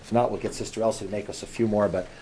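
A man's voice: fairly low pitch, fairly even intonation, racing, mellow, a little hiss or hum. Chatty man preaching, repeating his phrases. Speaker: guest preacher. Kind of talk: informal sermon. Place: church.

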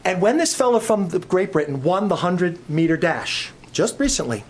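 A middle-aged man preaching a sermon, telling stories and swinging between loud emphatic peaks and soft low asides. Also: big pitch swings, normal speed, husky. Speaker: pastor.

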